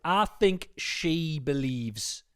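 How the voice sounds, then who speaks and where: A man's voice: on the high side, lively intonation, drawn-out words, smooth. Teasing man podcast co-host. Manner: teasing banter, playful repeats and stammers. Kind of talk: casual chat.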